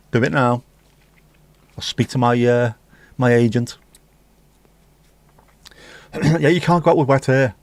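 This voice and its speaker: A man hosts a relaxed livestream, wandering from joke to joke and breaking into bits of old songs. His voice sits at an ordinary middle pitch. The sound is dry and close, with no room echo. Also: unhurried, long pauses. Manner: jokey, rambling, sings snatches of songs. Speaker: livestream host. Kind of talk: casual chat reading viewer comments.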